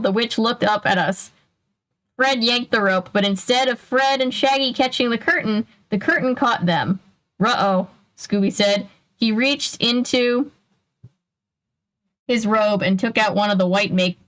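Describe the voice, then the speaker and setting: A woman's voice: fairly high pitch, a little slow, a bit bright, rough recording. A young woman casually reading a children's mystery book aloud, breaking in with chatty asides.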